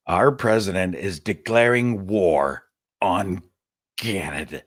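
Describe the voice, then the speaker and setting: A man's voice: sits low, very animated, normal speed, no room sound, clean studio sound. A man with an Oklahoma accent hosting a live call-in show, talking in a chatty, wry way full of rambling asides. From Oklahoma, USA.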